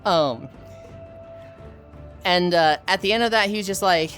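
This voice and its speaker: A woman streamer telling a casual, animated story with lots of swearing, acting out the other people's voices. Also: on the low side, measured pace, long pauses, soft background music. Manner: animated, profane, acts out voices.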